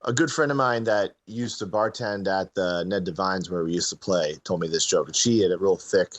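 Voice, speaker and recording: A man's voice: low voice, moderate pace, dry recording. A man co-hosting a live stream, laid-back, telling a joke with hesitant fillers. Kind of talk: casual joke-telling banter.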